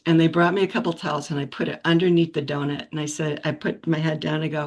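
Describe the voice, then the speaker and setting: A woman sharing a personal story in a relaxed, reflective way, with many restarts and soft laughs, on a video call. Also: sits low, quick pace, hardly any pauses. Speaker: practice group member sharing a story.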